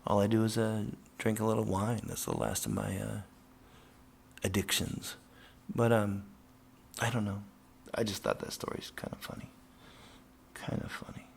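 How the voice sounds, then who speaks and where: A professional skateboarder telling a casual, profane, rambling story with lots of fillers. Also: male voice, on the low side, level tone, moderate pace, creaky, long pauses, slight background noise.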